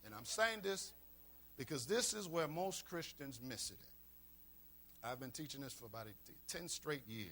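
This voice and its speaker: A man's voice: mid-range voice, expressive, a little slow, pushed and bright. A man pastor preaching a sermon, repeating key lines for emphasis. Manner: preaching with call-and-response emphasis and repetition.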